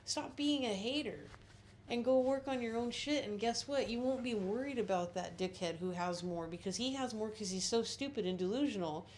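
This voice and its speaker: A woman's voice: fairly high pitch, normal speed, darkish tone, a little hiss or hum. A middle-aged woman vlogging about witchcraft in a blunt, rambling, profane way. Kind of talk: casual spiritual monologue.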